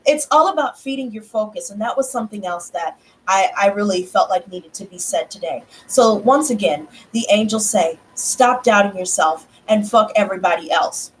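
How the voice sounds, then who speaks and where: A woman's voice: medium pitch, moderate pace, slight background noise. A woman hosting her tarot channel, chatting casually to viewers and swearing freely as she acts out conversations. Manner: animated, swears freely, acts out dialogue in bursts. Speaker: tarot reader and channel host.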